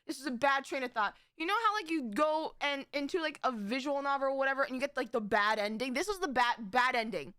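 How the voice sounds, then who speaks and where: This young woman VTuber chats casually with her live viewers, rambling, giggling and often stopping to fix what she said. She speaks fast with hardly any pauses in a high, fairly bright voice, recorded dry at studio quality.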